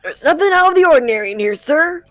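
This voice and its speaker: An eager, loyal young male detective, as a woman puts him on, earnest and dutiful. He talks in a lively, up-and-down voice that sits fairly high. The sound is dry and close. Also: quick pace, no echo. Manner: earnest, ends lines with "sir" and "pal". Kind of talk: reading game dialogue aloud.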